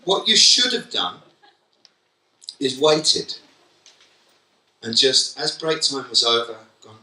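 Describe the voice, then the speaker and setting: Guy doing a funny keynote for teachers, really bright voice, echoey hall from far off. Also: mid-range voice, a little slow, long pauses. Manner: comic, animated storytelling. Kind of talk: conference keynote. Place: conference hall.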